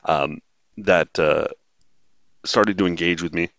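A very deep-voiced man hosts a solo podcast, drifting from point to point with dry sarcasm and plenty of ums. The sound is dull and lo-fi, with a dead, dry room around him. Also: slow pace, a bit bright, no room sound. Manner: rambling, wry and sarcastic, frequent filler words. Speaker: podcast host. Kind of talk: casual solo monologue.

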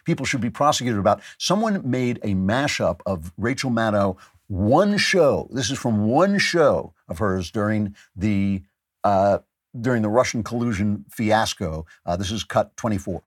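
A man's voice: medium pitch, no echo, clean studio sound. A male podcast host giving emphatic, sardonic political commentary, repeating phrases for stress.

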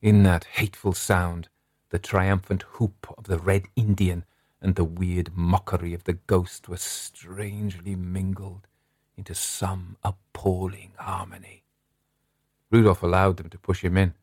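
A man narrating a Victorian horror story in a slow, dramatic, drawn-out delivery. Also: sits low, level tone, darkish tone, no room sound, clean studio sound.

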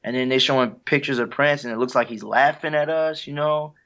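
This guest musician, interviewed on a dull lo-fi recording, has a medium-pitched, slightly bright voice and a brisk delivery. He speaks casually and reflectively, sharing heartfelt stories and laughing easily.

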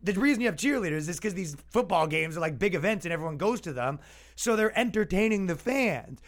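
Brief: man, comedy podcast host, high voice, sarcastic rant, acts out both sides. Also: animated, a little fast. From Canada. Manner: sarcastic, mocking, acts out imagined dialogue.

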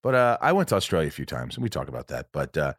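American male podcast host, very low voice, loose rambling delivery full of fillers, dry room. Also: sing-song, racing, slightly rough, no room sound. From United States. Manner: rambling, with many fillers and restarts. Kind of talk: casual podcast chat. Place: room at his home.

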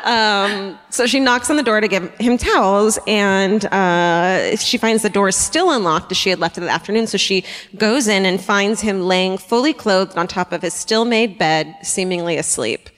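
A woman tells a true-crime story on a theatre stage, casual and profane, breaking into laughs and little acted-out voices. Her voice carries a long reverb from the hall. Her pitch sits in an ordinary middle range. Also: fairly bright tone. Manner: casual, swearing, laughing asides, acts out quotes. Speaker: podcast co-host. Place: theatre stage before a live audience.

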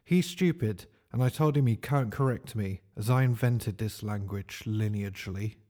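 A man voicing Johnny, a brash, clueless young male teacher who talks loudly and smugly. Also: lowish voice, normal speed, natural voice. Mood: indignant. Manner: loud, smug and blurting.

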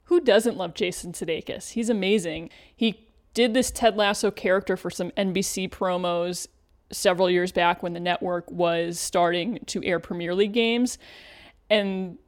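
A woman co-hosting a podcast in casual chat, measured and upbeat as she reads out listener questions. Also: fairly low pitch, steady tone. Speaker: podcast co-host.

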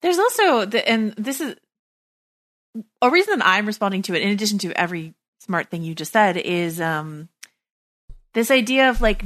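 A woman's voice: mid-range voice, fairly bright tone, no room sound. A woman hosting a casual podcast conversation, enthusiastic, searching for words with many likes and ums.

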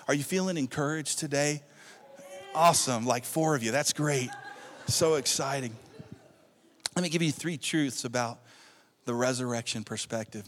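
A male pastor preaching a sermon to his congregation, calling out for responses and building excitement. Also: mid-range voice. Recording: long hall reverb.

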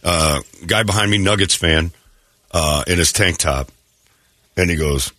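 A man's voice: rumbling low, moderate pace, bright, forceful tone, no echo, clean studio sound. A man hosting a morning radio show, telling rambling stories in casual chat and laughing as he goes, his throat thick from allergies. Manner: rambling storyteller, laughs mid-story. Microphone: studio mic.

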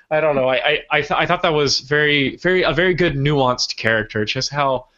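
A man talks through a favorite film with friends, animated and quick to laugh. His voice has a bright, forward ring to it. The recording is a little dull and muffled. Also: fairly high pitch. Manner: animated, laughs often, quotes characters. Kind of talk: casual film discussion.

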